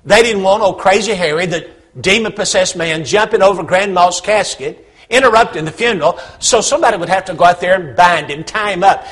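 Husky, high-voiced preacher. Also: male voice, fairly quick, a bit bright. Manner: humorous storytelling with acted-out voices. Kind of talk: sermon.

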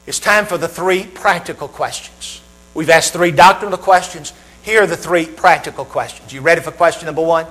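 A Southern American preacher with a high, bright voice delivers his sermon. He asks his listeners question after question and lets each one hang with a pause. A faint mains hum sits under the recording. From Southern United States. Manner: rhetorical questions with dramatic pauses.

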